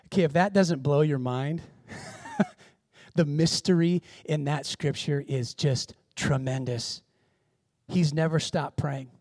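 High-voiced preaching pastor, dry sound. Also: male voice, takes it slowly, no echo. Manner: dynamic preaching, swinging from hushed to loud exclamations. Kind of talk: sermon. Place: church in Seattle.

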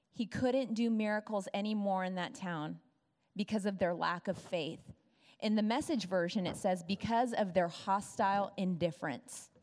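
A woman's voice: mid-range voice, a little mellow. A woman preaching a sermon, laying out points and teaching through scripture. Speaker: pastor. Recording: reverberant church hall.

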